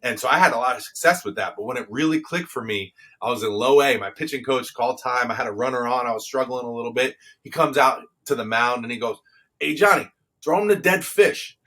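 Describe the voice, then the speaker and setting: Man, interview guest, fast talker, bright tense tone, animated storyteller. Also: medium pitch. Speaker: guest, baseball coach. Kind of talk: casual interview chat.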